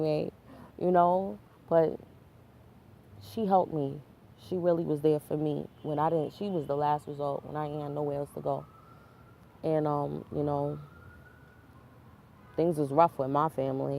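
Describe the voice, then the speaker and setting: A New woman with a low, gravelly voice tells her life story straight to camera. She talks candidly in street slang and throws in frequent asides to her viewers. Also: warm tone. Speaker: vlogger.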